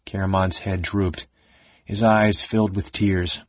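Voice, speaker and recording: A man narrating a fantasy novel in a measured, steady storytelling manner. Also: low-pitched, no echo. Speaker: audiobook narrator. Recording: muffled lo-fi recording.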